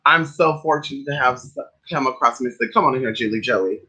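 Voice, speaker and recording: A man's voice: medium pitch, a little fast, pushed and bright, low-quality recording. A man from California, the host of a spiritual livestream, telling a story to his live chat in a dramatic, profane way and calling listeners "honey" and "y'all".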